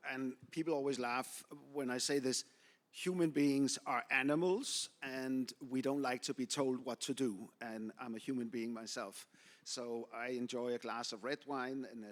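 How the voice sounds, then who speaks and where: A man speaking on an industry panel, blunt and opinionated, driving his points home with anecdotes. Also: medium pitch. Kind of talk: panel discussion.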